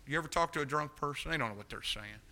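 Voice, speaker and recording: Impassioned bright-voiced preacher. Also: male voice, a little high, very fast, vocal fry. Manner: impassioned storytelling, swings between loud and hushed. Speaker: pastor. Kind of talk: sermon.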